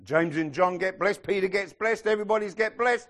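A man preaching a sermon to his congregation, animated and sometimes shouting as he acts out the people in his stories. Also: sits high, fairly quick. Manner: animated, acts out quoted voices, some shouting.

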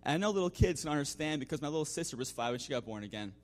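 A man's voice: on the high side, expressive, very fast. Conversational man giving a church testimony. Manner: conversational, full of "you know" fillers and restarts; chuckles now and then. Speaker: church member giving a mission-trip testimony. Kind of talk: spoken testimony to a congregation.

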